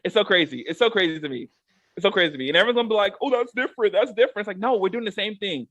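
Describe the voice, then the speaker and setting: Male co-host, high and lively voice, heated repetitive rant, dry close recording. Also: very fast, dry recording, muffled recording. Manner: emphatic and repetitive, drives points home with "okay?". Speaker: co-host giving a rant segment.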